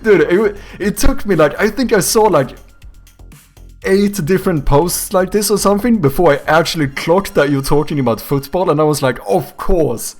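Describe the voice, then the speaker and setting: A man's voice: sits high, moderate pace, faint music behind. A young man streaming live from home, chatting casually with his viewers, reading their messages aloud and answering them, swearing freely and breaking into laughter often. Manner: reads out and answers viewer chat. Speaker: streamer and game developer.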